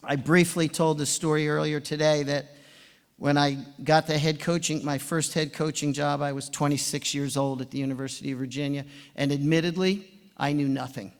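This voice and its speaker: Animated older man telling stories in a hall. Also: on the high side, normal speed. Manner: animated storyteller, chuckling. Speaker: swim coach giving induction speech. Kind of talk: anecdotal speech to an audience. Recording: long hall reverb.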